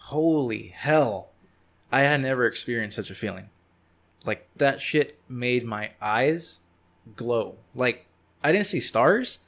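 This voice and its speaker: This young man's medium-pitched voice is a bit bright, with lively intonation and a measured pace. Appearing as a guest on a laid-back podcast, he chats casually, telling stories openly and easily.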